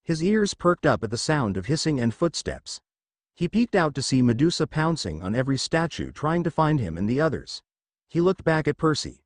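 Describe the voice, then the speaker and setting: A man narrating a fan fiction adventure story in a steady storytelling manner. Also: medium pitch, moderate pace, no room sound, clean studio sound.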